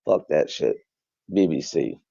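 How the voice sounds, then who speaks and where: A man's voice: rumbling low, big pitch swings, unhurried, vocal fry, dark tone, no echo. A man in an interview clip, speaking emphatically and bluntly. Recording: dull, muffled clip.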